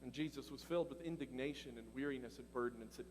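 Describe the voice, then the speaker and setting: A male pastor preaching a sermon in a lively, conversational way, asking the congregation questions and laughing as he goes. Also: mid-range voice, fast, long reverb tail, a little hiss or hum. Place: church hall.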